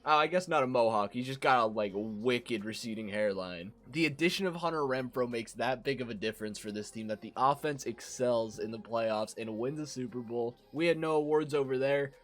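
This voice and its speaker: A young man with a raspy voice from a cold, commentating a football video game and yelling at big plays. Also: mid-range voice, fairly quick, few pauses, soft background music. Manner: excitable, yells at big plays. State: hoarse from a cold. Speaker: gaming commentator.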